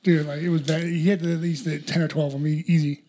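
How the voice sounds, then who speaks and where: A man chatting and telling stories in an animated, rambling way with lots of fillers. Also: a little high, fast talker. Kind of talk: casual storytelling.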